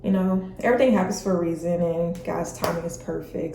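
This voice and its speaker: A woman's voice: lowish voice, moderate pace, creaky, long pauses, darkish tone. Chatty woman vlogger in a roomy space. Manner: chatty and openly emotional, speaks directly to viewers. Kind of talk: casual personal vlog. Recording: roomy, a bit distant from the mic, faint hiss.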